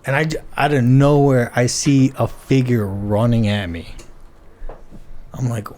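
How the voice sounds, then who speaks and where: A man's voice: mid-range voice, a little slow, a little mellow. A man in his twenties, a podcast guest, telling a story in casual chat, swearing a lot and acting out quoted dialogue. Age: 20s.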